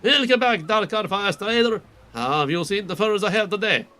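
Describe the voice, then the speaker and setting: A man's voice: sits high, expressive, moderate pace, pushed and bright. A man putting on a repeated accent to voice cheerful villagers in a role-playing game. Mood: hammy. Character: chatty village NPCs in the same put-on accent.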